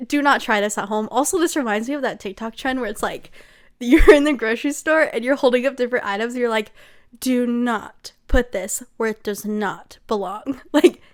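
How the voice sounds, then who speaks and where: Giggly woman gushing over a book. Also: fairly high pitch. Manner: giggly, sarcastic, chatty. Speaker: book reviewer. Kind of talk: casual book recap.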